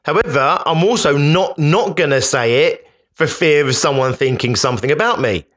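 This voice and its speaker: A man's voice: on the high side, normal speed, a bit bright. A man hosting a podcast, speaking in an emphatic, conversational motivational monologue that often repeats itself. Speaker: podcast host.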